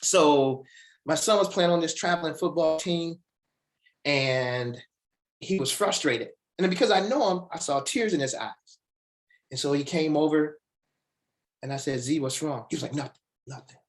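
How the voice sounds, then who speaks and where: Speaking at a fairly high pitch, a motivational speaker delivers a webinar with animated energy and direct appeals to listeners. He leans on dramatic pauses, slowing to hit individual words.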